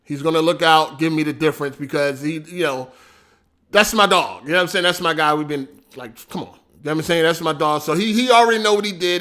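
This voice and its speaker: A man venting in casual livestream chat, animated and full of slang and swearing. His voice sits high for a man and has a bright, forceful edge. He rambles and repeats himself as he tells the story. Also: a little fast. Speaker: podcast host.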